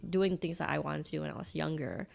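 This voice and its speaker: A young woman with a Californian accent co-hosts a community podcast, chatting casually and using lots of fillers. Her voice is low and creaky, with fairly even intonation and a quick pace.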